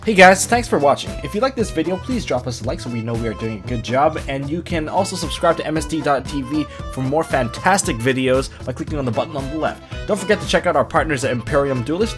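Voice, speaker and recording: A man's voice: mid-range voice, animated, fast talker, few pauses, music in the background. A man hosting a casual card game chat, upbeat and asking questions. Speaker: host.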